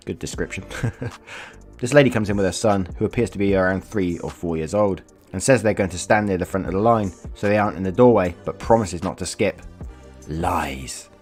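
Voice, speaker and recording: Faint music plays behind a man with a low voice who talks a little fast. Hosting his channel, he reads out viewer stories with chatty commentary, laughing a lot and cursing without restraint.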